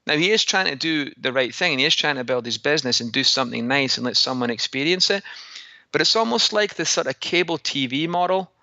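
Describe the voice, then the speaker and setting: A man's voice: on the high side, lively intonation, fast talker, pushed and bright, dry recording, muffled recording. Man in a put-on Scottish accent. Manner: chatty storytelling, rhetorical questions. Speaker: segment host, fitness business coach. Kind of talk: casual podcast lesson.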